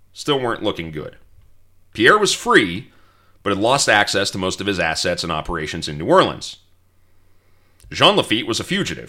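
Male podcast host telling history with wry humor; animated, bright delivery. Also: on the low side. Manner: storytelling, reads quotes aloud, wry asides.

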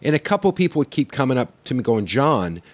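A man's voice: mid-range voice, animated, racing, a little mellow, no echo. A man telling a long story in a casual podcast chat, swearing freely and acting out the lines of the people in it. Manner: profane storyteller acting out quoted dialogue.

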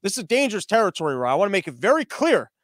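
A man's voice: sits high, big pitch swings, very fast, no echo, clean studio sound. A man hosting a comedy show, delivering a sarcastic, ranting political monologue.

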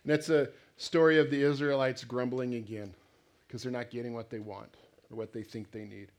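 A man's voice: mid-range voice, flat delivery, fairly quick. Conversational male preacher. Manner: conversational, asks the congregation questions, acts out voices. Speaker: pastor. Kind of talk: sermon.

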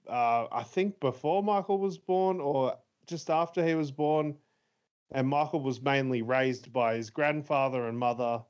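A man's voice: medium pitch, lo-fi sound. A man co-hosting a casual podcast, retelling a movie's plot with lots of fillers and laughs. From Australia. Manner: rambling, laughs often, many fillers. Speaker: podcast co-host. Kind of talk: casual movie review chat.

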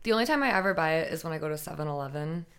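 Bubbly woman chatting as a podcast guest, animated, laughs easily. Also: deep voice, very fast, gravelly, smooth. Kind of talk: casual chat.

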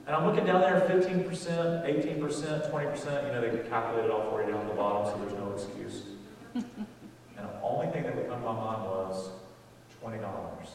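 A middle-aged male preacher telling a story in a sermon, swinging from quiet asides to loud excitement, recorded from far off in a large church hall. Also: mid-range voice, brisk, slight background noise.

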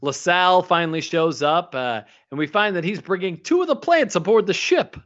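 Animated lo-fi man recapping an episode. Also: high voice. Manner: animated, rambling, breaks into quick impressions. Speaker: podcast co-host. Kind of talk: casual chat recapping an episode. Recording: dull lo-fi audio.

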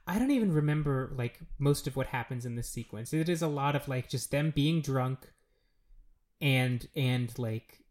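A podcast co-host chatting casually about a show, rambling with many fillers and jumping up in pitch when amused. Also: moderate pace, darkish tone. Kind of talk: casual chat reviewing a show.

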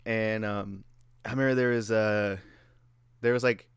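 A man's voice: fairly low pitch, steady tone, measured pace, clear, resonant tone, no room sound, clean studio sound. A man chatting casually, telling a story loosely with swearing and restarts. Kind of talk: casual chat.

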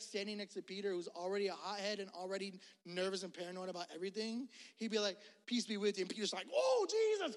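High pitched preacher guy, slangy and jokey, big echoey hall. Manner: energetic, slangy, joking. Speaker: pastor. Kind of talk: sermon. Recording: long hall reverb.

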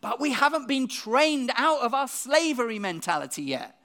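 A preacher talks to the congregation in a brisk, conversational sermon. The voice sits mid-range and keeps throwing out rhetorical questions. Words often come twice as thoughts restart. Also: medium pitch, sing-song, bright, forceful tone. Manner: repeats words when restarting.

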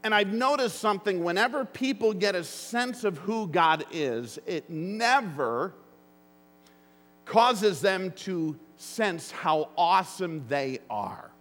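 A man preaching a sermon as pastor, earnest and emphatic, with deliberate phrasing. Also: sits high, animated, a bit bright. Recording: long reverb of a large hall.

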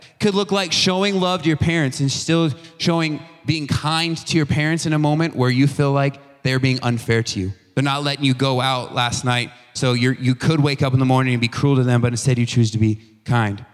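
A young man giving a casual youth sermon, telling a story in a conversational, animated way with slang and restarts. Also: medium pitch, fairly quick, faint music behind. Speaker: youth pastor. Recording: long hall reverb.

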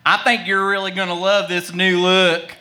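A man's voice: high voice, little pitch movement, moderate pace, sharp tone. A man playing an eager, self-important masked cowboy hero in a comedy sketch. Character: vain, earnest masked cowboy hero, male.

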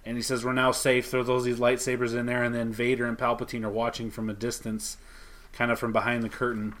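A man talking casually on a podcast, his voice at an ordinary middle pitch. He rambles through a comic recap, stopping often to quote what the characters say. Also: monotone, fast, fairly bright tone. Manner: rambling, retells scenes with quoted lines. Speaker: podcast co-host.

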